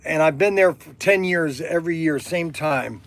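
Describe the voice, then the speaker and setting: Excitable high-voiced man from Ohio. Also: normal speed. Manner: excitable, gushing, stammering. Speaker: livestream host. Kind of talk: casual phone chat. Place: workshop.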